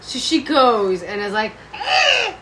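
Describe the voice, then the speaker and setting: A woman's voice: medium pitch, animated, brisk, a bit bright, slight background noise, poor audio. A young woman co-hosting a casual podcast, recapping a book animatedly and swearing as she acts out the characters. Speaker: podcast co-host.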